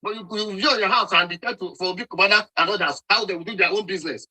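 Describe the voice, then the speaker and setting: High, sharp-voiced Nigerian man scolding. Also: racing, rough recording. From Nigeria, Nsukka. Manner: insistent and scolding, repeats words. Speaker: speaker in an online audio room debate. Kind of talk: heated political argument.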